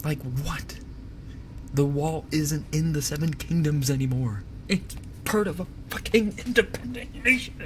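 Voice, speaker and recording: A male streamer rants in a loose, exasperated way, swearing and laughing as he vents. He talks at an unhurried, drawn-out pace into a binaural dummy-head mic, with a faint hiss underneath his voice. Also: a little high. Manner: animated, exasperated ranting with laughs and profanity. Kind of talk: casual ranting chat.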